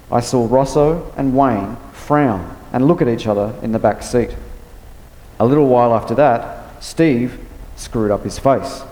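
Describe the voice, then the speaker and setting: A man's voice: medium pitch, a little mellow. Man reading his novel aloud. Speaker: author. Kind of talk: reading from his novel, then interview answers. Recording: reverberant room.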